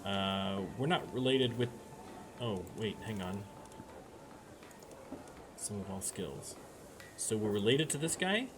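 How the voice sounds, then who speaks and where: Low-ish guy chatting thru his strategy game, thinking out loud, noisy background. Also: animated, slow, pauses often. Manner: musing aloud, chatty with frequent restarts. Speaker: let's play streamer. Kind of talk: gameplay commentary. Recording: noise behind the voice.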